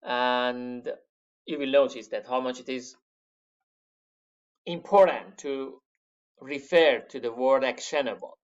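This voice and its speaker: Male university lecturer, mid-pitched, hesitant and emphatic, muffled low-fidelity classroom recording. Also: steady tone, smooth. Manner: halting, many fillers, stresses key words; addresses students as "my friends".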